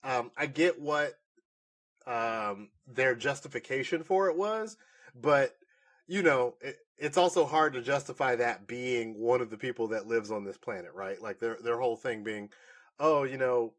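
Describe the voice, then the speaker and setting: A man co-hosting a podcast, chatting casually through a movie review in a rambling, animated way and laughing often. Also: mid-range voice, moderate pace. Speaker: podcast co-host.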